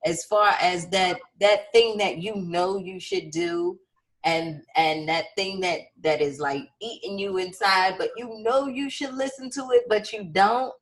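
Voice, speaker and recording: A woman hosting a webinar interview who speaks at an unhurried, slow pace. She keeps her guest going with steady short words of agreement. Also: mid-range voice. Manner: affirming listener, frequent short agreements. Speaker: host. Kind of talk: conversational interview.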